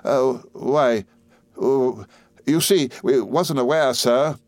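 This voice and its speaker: A man's voice: fairly high pitch, fairly quick, no echo, voice pushed up, lightly acted. A man reading an audiobook, voicing an apologetic inn waiter who hesitates and stammers. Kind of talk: audiobook character voice.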